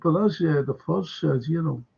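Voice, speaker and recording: An older man hosting a casual chat, talking haltingly with many fillers and restarts. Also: fairly high pitch, gravelly, dark tone, husky. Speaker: host. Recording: dull lo-fi sound.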